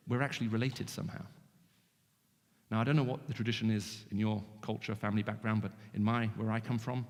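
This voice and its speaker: A man with a British English accent who grew up in the Middle East, giving an animated, joking evangelistic talk to students with frequent restarts. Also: medium pitch, vocal fry. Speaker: guest speaker. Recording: long hall reverb.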